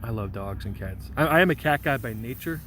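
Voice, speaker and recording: A man's voice: medium pitch, expressive, fairly quick, a bit bright, slight background noise. A young man livestreaming outdoors in a park, reading out chat messages in a rambling, joking, goofy way. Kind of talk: casual live vlog chat.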